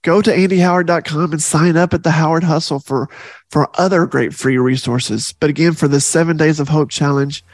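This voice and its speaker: A man's voice: a little high, fairly even intonation, a little fast, no room sound. A middle-aged man hosting a faith podcast, speaking earnestly and from the heart, repeating key phrases for emphasis. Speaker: podcast host.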